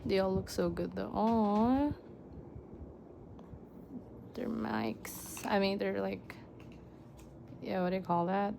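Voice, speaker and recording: Young woman vlogger, slow gushing unboxing talk, mellow low-lit tone. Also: creaky, a little hiss or hum. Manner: gushing, excitable, lots of gasps and exclamations. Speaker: vlogger unboxing fan merchandise. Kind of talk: casual unboxing chat.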